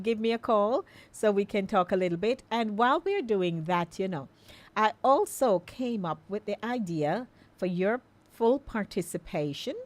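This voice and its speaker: A middle-aged Jamaican woman hosting a live call-in radio show, chatting in a coaxing, friendly way and inviting listeners to phone in. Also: fairly low pitch.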